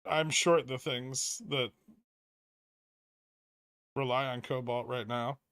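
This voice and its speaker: A man's voice: medium pitch, steady tone, takes it slowly, fairly bright tone, clean tone, no echo. Dry offhand man reading his chat. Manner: dry, offhand, reads chat aloud and answers. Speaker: livestream host. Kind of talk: casual chat reading viewer questions.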